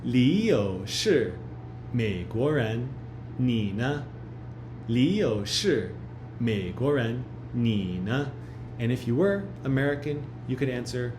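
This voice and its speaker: A man teaches a recorded lesson in an unhurried way, and his pitch rises and falls a lot. He says each phrase slowly and repeats it for learners. His voice rings in an echoey room with a faint hiss behind it. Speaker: language teacher. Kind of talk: recorded pre-class lesson. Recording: roomy echo.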